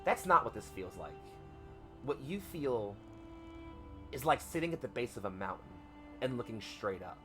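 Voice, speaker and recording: A male game master narrates a tabletop game in a loose, rambling way, filling his sentences with "like" and "sort of". Faint music plays underneath. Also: fairly low pitch. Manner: rambling, filler-heavy description.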